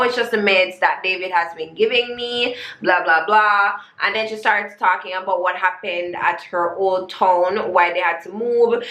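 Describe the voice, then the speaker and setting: A woman's voice: mid-range voice, sharp tone. A woman, telling a story in a casual, sarcastic way with creole grammar, like a vlogger reviewing a show. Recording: echoey room.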